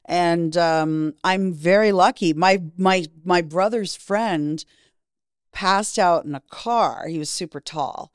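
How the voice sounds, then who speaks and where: A middle-aged woman from Canada speaks in a somewhat low voice, recorded dry and close. She tells her stories frankly and profanely, and she acts out the people she quotes. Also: slow pace, smooth, dry recording. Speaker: interview guest. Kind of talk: candid storytelling.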